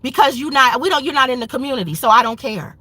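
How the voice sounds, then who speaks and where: A woman's voice: sits high, fast talker, sharp tone, slightly rough. A woman hosting a commentary show, speaking in an impassioned, angry, emphatic rant. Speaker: show host.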